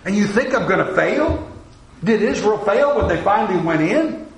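A man preaching a sermon in an animated way, acting out quoted voices and sometimes dropping to a hush. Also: high voice, normal speed, reverberant, low-quality recording.

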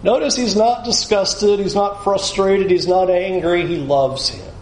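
A male pastor preaching a sermon in a lively, animated way, often slipping into acted quotes. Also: sits high, a little slow, echoey room.

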